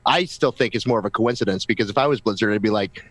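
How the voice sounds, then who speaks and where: A man's voice: fairly low pitch, a bit bright, no room sound. Chatty man co-hosting a gaming podcast. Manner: chatty, tells anecdotes with quoted dialogue, quick runs. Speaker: podcast co-host. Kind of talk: casual podcast chat.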